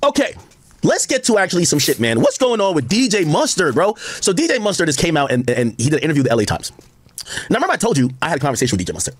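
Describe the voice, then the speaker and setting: A man talks fast in a husky voice, swinging his pitch up and down as he rambles through a live-stream commentary. His delivery is excitable and full of asides, and the dry recording sits close to the mic. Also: dry recording. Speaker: livestream commentator.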